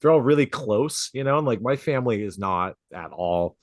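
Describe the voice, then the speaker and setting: A man's voice: mid-range voice, lively intonation, moderate pace, dry recording, clean studio sound. A man co-hosting a tattooing podcast, chatting casually with lots of swearing and laughter. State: coughing from a drink gone down the wrong pipe. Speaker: podcast co-host and tattoo artist. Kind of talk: casual chat. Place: home studio, outside noise nearby.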